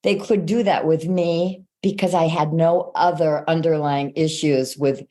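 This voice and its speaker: An older woman, a guest author, telling her personal story in an interview in a lively way, acting out the voices of people she quotes. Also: sits low, measured pace.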